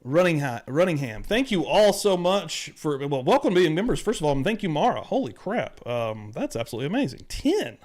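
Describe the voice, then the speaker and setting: A man's voice: on the high side, big pitch swings, fairly quick, few pauses, a little mellow. A man hosting a live-streamed podcast, chatting loosely and eagerly thanking viewers in the chat. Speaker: podcast host.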